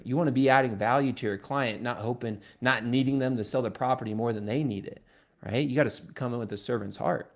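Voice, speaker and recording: A man's voice: medium pitch, vocal fry. A man leading a real estate team, talking casually on a livestream and retelling stories with joking asides and quoted dialogue.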